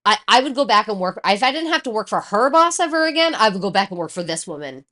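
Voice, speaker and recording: A woman's voice: mid-range voice, quick pace. A woman, co-hosting a casual chat show and telling a personal story, swearing freely and acting out the voices of the people in it. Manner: animated, swears freely, acts out quoted voices. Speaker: podcast co-host.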